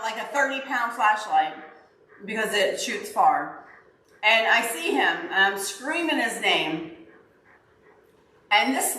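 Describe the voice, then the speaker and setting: Livestream host, woman, bright and animated storyteller, roomy echoey sound. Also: fairly high pitch. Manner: animated, acts out her own yelling. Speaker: livestream host, dog owner. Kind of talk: casual storytelling to chat. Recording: roomy echo, faint background noise.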